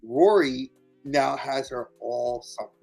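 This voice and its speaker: A man from New York hosting a casual live chat, animated and quick, often repeating words as he jumps in. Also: mid-range voice, vocal fry, husky, faint music behind. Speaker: livestream host.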